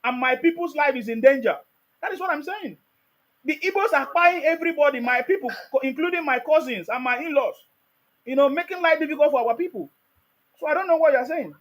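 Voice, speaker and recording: A man's voice: very high-pitched, a little fast, a bit bright, a little hiss or hum. A man with a Nigerian accent hosting a heated live call-in debate, combative and repeating his demands insistently. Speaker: host of a live call-in stream.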